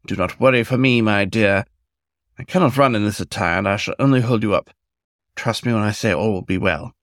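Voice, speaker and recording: A man voicing an older, tender and protective male lover in a storybook reading, speaking softly and soothingly. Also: fairly low pitch, a little fast, dry recording, studio quality, close to an everyday voice. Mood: urgent.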